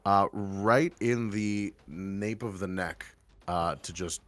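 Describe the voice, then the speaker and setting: A man describing his character in a casual tabletop game, relaxed and halting with frequent ums. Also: on the low side. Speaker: player.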